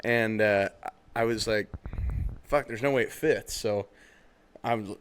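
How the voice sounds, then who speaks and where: A man's voice: fairly low pitch, takes it slowly, slight background noise. A man co-hosting a podcast, telling a crude story in casual chat and acting out the people in it. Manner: animated, crude storytelling with lots of quoted voices. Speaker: podcast co-host.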